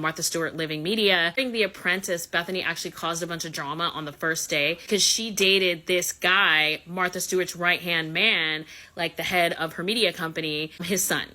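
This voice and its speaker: A woman's voice: lowish voice, sharp tone. A woman telling a celebrity gossip story straight to a phone camera, chatty and full of profanity. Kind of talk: casual storytime.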